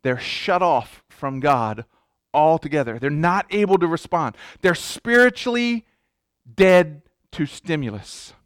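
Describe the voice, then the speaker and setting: A man's voice: fairly high pitch, expressive, unhurried, clean tone, no room sound, clean studio sound. A man preaching a sermon as pastor, emphatic, repeating words and restarting his sentences.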